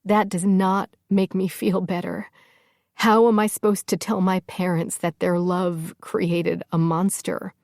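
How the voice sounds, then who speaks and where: A woman narrator voicing a panicked, tearful young warrior woman, pitched up and pleading in an audiobook. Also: flat delivery, a little slow, vocal fry, darkish tone, dry recording, clean studio sound. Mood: teary, wry. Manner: distraught, sobbing, self-blaming.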